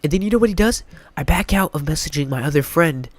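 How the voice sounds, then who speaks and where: A man's voice: on the high side, animated, quick pace, no room sound. A young man with a stuffy nose telling a rambling, mock-dramatic storytime vlog, full of filler words. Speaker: YouTuber.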